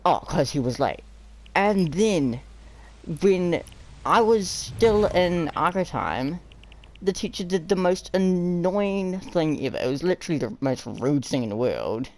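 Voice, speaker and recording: Full of fillers and wandering tangents, this is a young storyteller's casual narration of his school days. He animates each quoted person by swinging his voice up and down. He talks a little slowly, and the sound quality is poor.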